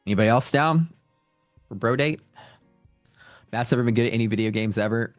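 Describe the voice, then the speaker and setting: A man's voice: mid-range voice, fairly quick, dry recording, faint music behind. A man hosting a livestream from home, rambling in casual chat and answering viewer questions. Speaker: livestream host and futures trader.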